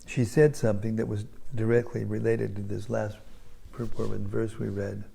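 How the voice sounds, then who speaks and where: Man, low gravelly voice, easy storytelling pace, reading and explaining scripture to a class. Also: moderate pace, a little hiss or hum. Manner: relaxed retelling with soft asides.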